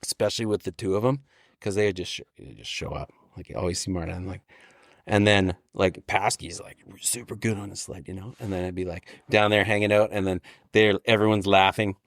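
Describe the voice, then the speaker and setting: A man's voice: sits low, steady tone, brisk, no room sound. Male podcast guest, rambling storyteller with restarts and swearing, close dry mic. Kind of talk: casual storytelling.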